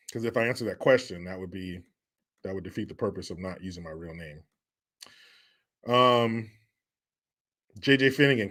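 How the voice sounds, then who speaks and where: A man hosting a livestream, reading viewer chat aloud and bantering in a loud, profane, joking way, often laughing and teasing rival fans. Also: lowish voice. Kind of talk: casual chat.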